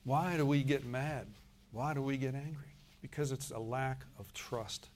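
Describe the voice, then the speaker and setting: A man, a pastor, preaching a sermon in a folksy way, speaking straight to the congregation and swinging from loud emphatic bursts to soft murmured asides. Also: medium pitch, fairly even intonation, a little slow, slight background noise.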